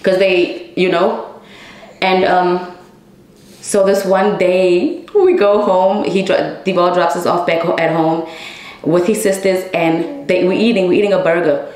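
A woman's voice: fairly low pitch, unhurried, a little mellow. A woman telling a story in a casual monologue to her viewers, speaking bluntly, swearing heavily and calling them y'all. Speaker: storyteller vlogger. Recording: echoey room.

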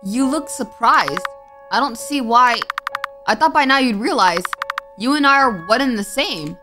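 A woman voicing a child's sinister monster double, speaking in a low, measured, taunting way as she reads a game's dialogue. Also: animated, music in the background.

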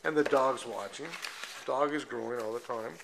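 A man's voice: medium pitch, normal speed, vocal fry, background noise. A man with a Spanish accent narrating a casual home video while children do face painting, playful and stumbling as he reads aloud. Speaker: home video maker filming kids. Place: home room.

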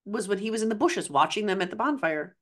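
Animated middle-aged woman chatting casually. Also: medium pitch, quick pace. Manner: animated, acts out characters' lines. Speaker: podcast co-host. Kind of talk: casual fan discussion.

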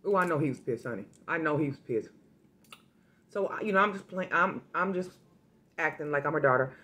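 A woman food vlogger with a fairly low voice, chatting straight to her viewers. She tells stories in an animated, familiar way, like she's catching up with friends. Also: brisk. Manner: chatty, addresses viewers directly, animated storytelling. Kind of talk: casual eating vlog with storytime.

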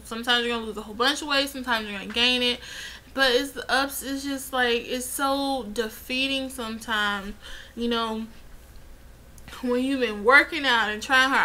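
A woman's voice: on the high side, bright, forceful tone, a little hiss or hum, poor audio. A young woman chatting casually in a vlog, rambling and getting heated as she retells events. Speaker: vlogger.

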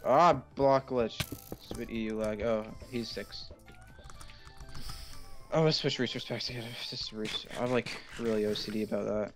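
A man chatting casually while gaming with friends, reacting quickly to fights and getting frustrated with the game. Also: fairly low pitch, fairly even intonation, music in the background. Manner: quick live reactions during combat. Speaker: gamer playing with friends.

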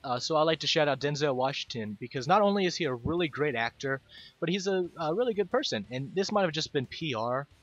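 Male game commentator, rambling and self-mocking, lively pitch, dull lo-fi mic with game music under it. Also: quick pace. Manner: rambling, self-deprecating, stumbles over words. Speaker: gaming video host.

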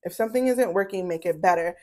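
A woman's voice: fairly low pitch, fast talker, mellow. A woman giving a casual tarot reading to camera. She is blunt and profane, preaching with emphasis and stretching her words to drive points home. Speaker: tarot reader.

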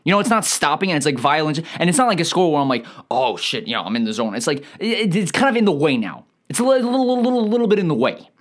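A man's voice: a little high, very animated, fast talker, few pauses. A man delivering a comedic movie rant, rambling and exasperated, full of profanity. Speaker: comedic ranting reviewer.

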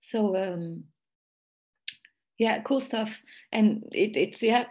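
In this muffled video-call recording, a Belgian jazz voice teacher speaks English during an online interview. Her voice is medium-pitched and darkish, and she talks very slowly, breaking down singing technique with care and thought and laughing lightly between points.

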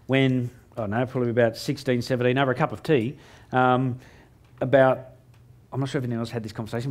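A man's voice: medium pitch, darkish tone. Joking man telling stories on stage. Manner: joking, self-mocking, quick asides. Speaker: motivational speaker. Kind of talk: humorous keynote storytelling. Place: stage before a live audience.

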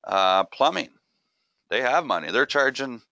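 A man's voice: mid-range voice, lively intonation, measured pace, vocal fry, pushed and bright, dry recording. A middle-aged man hosting a marketing show, talking in a conversational, emphatic, plain-spoken way. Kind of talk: casual commentary.

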